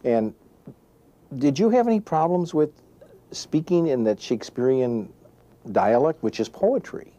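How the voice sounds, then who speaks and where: Brief: male interviewer, mellow, friendly chatty questions. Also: medium pitch, very animated, a little slow, pauses often. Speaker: entertainment interviewer.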